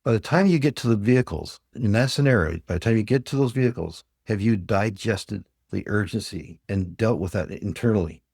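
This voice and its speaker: An older sales trainer from Ontario, Canada, tells plain-spoken customer stories as a podcast guest in a storytelling interview. His lowish voice is brisk, gravelly, slightly rough and a little mellow, with hardly any pauses, in a dry studio-quality recording.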